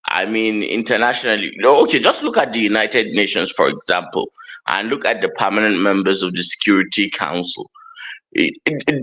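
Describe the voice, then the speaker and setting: A man, a guest on a live talk show, explaining his views haltingly with many pauses and restarts. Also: medium pitch, a bit bright, poor audio. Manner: hesitant, many fillers and restarts.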